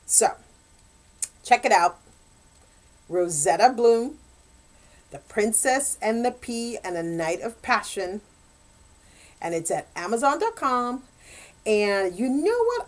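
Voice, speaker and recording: A woman and romance author chatting casually in a book review, animated and quick to laugh. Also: on the high side.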